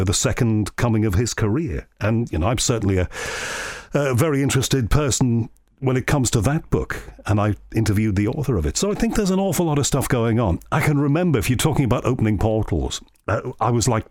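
A man's voice: lowish voice, dry recording, clean studio sound. A man from England, a radio host, telling earnest stories in casual chat. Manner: storytelling, earnest, animated anecdotes.

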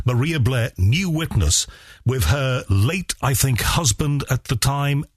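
Laid-back male host with a husky, dry voice. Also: medium pitch, animated, slow, no room sound. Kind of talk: casual interview chat.

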